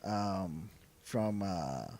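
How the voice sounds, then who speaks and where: A Texan man co-hosting a podcast, rambling with lots of fillers and sounding excited. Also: low-pitched, very slow. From South Texas. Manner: enthusiastic, rambling with many fillers. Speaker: podcast co-host. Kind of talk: casual chat.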